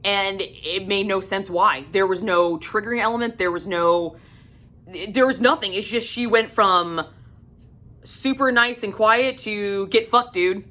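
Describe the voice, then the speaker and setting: A woman's voice: mid-range voice, a little slow, pushed and bright. A woman giving a casual, blunt and profane book review, venting in exasperated rants.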